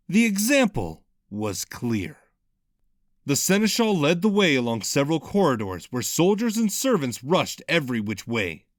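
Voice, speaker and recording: Expressive male audiobook narrator. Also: medium pitch, dry recording, clean studio sound. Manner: dramatic, expressive reading.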